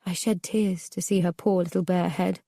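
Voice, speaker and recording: A woman narrating a memoir audiobook in a measured, subdued, somber way. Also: fairly low pitch, steady tone, creaky, warm tone, no echo, clean studio sound.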